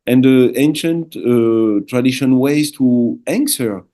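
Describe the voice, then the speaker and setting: Earnest Frenchman with a mellow voice. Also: mid-range voice. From France. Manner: earnest, halting with restarts. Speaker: guest, ayahuasca shaman. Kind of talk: casual interview talk.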